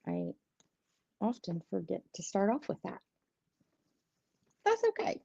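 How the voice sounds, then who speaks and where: A woman's voice: medium pitch, huge pitch swings, measured pace, gravelly, background noise. A woman, hosting a casual live tarot stream, chatty and giggly, rambling and greeting viewers by name. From southeastern United States. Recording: dull lo-fi stream audio, dry.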